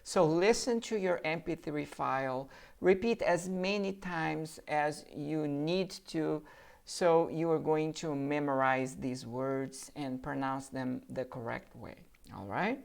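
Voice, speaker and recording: Brazilian-accented woman, teacher running an English word drill, deep voice, slow and deliberate. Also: steady tone, creaky, darkish tone. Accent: Brazilian Portuguese. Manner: deliberate, models each word for repetition. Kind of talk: vocabulary pronunciation drill. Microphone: handheld or desk microphone.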